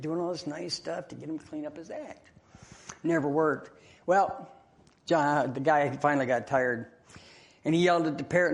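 A man preaching in a church in a loose, conversational way. He laughs along with the congregation and tells a joke story. His voice sits a little high. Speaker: pastor.

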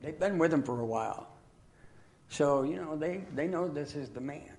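A man preaching from the pulpit of a church, his voice sitting a little high for a man. He tells stories in a chatty, folksy way, pokes gentle fun at himself and leans on plenty of fillers. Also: lively intonation, moderate pace, gravelly. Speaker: guest preacher. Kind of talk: sermon with storytelling. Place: church sanctuary.

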